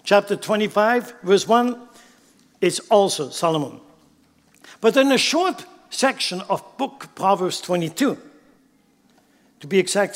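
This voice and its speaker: Male pastor, higher register, emphatic sermon delivery with rhetorical questions, reverberant sanctuary. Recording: long hall reverb.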